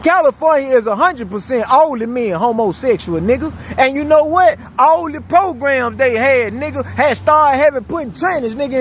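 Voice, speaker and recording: A man's voice: extremely high pitch, slight background noise. A man delivering a profane, rambling monologue, repeating himself and stumbling over restarts. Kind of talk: ranting monologue.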